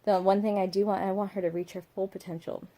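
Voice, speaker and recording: A woman's voice: mid-range voice, flat delivery, fast talker, warm tone. A young woman, a mother, talking reflectively at home in a vlog, rambling with many fillers and asides. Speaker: vlogger, mother.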